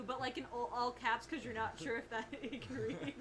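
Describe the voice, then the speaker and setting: A woman co-hosting a casual game stream, chatting and teasing with a quick laugh. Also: fairly high pitch, fairly even intonation, crowd noise. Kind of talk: casual chat while gaming.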